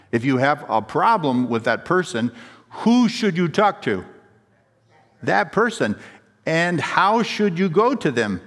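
A man's voice: mid-range voice, fairly bright tone. A male pastor preaching a sermon, emphatic and storytelling, asking the congregation questions. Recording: long hall reverb.

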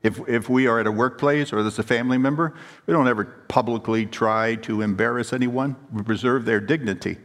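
The sanctuary's long reverb follows this pastor's medium-pitched, somewhat bright voice as he preaches at a brisk clip. He tells stories with emphasis and asks the congregation rhetorical questions.

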